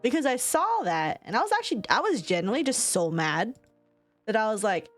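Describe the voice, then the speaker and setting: A woman's voice: a little high, big pitch swings, fast, faint music behind. A young woman streaming casual chat from home, rambling, laughing often and swearing. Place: home room.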